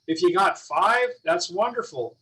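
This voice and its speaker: Emphatic guest speaker, a bit off-mic. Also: male voice, sits high, lively intonation, a little slow, sharp tone. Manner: emphatic, conversational, many fillers. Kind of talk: casual Zoom meeting chat. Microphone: computer mic on a video call. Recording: distant mic on a video call.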